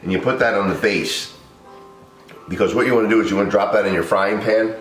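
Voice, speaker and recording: A very low-pitched man chats his way through a home cooking demo, easygoing and quick to laugh. His voice bounces around a reverberant kitchen while music plays clearly behind him. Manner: chatty and loose, laughs often, talks to camera crew. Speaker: home cook vlog host. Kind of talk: casual cooking demonstration.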